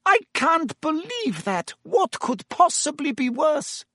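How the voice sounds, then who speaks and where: A gossipy innkeeper woman in a storybook, voiced high and bouncing all over by a man doing her voice. She sounds eager and nosy, in a close, dry recording. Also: huge pitch swings, slow pace, a bit bright, no room sound, exaggerated voice. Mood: curious. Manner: chatty, gossipy. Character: curious middle-aged female innkeeper.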